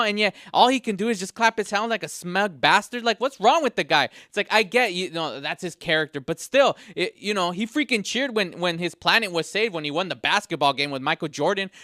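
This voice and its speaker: A man's voice: sits high, sharp tone, no echo, clean studio sound. A man hosting a podcast segment, delivering an exasperated comedic rant with frequent stumbling restarts. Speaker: podcast host.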